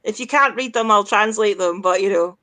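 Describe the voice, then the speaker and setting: A woman's voice: medium pitch, a little fast, sharp tone. A woman with a Scottish accent, a guest in a casual chat, talking bluntly with plenty of swearing and jokes. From Scotland. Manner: blunt, profane, joking.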